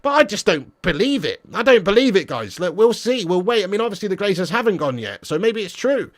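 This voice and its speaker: A man hosting a football fan livestream, reading viewer comments with excitable, teasing banter. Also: sits high, a little fast. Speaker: football fan channel streamer. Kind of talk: live stream chat, reading viewer comments.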